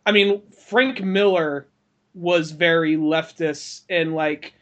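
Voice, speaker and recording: Casual male podcaster with a high voice. Rambling and profane, with lots of restarts. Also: slow, highs cut off. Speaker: podcast co-host or guest. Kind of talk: casual chat.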